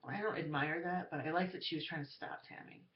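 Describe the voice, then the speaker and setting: A woman's voice: sits low, fairly even intonation, brisk, a little hiss or hum. Rambling woman in an echoey room. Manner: rambling, hesitant, full of fillers. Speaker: vlogger. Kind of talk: casual storytelling monologue. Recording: roomy, dull lo-fi recording.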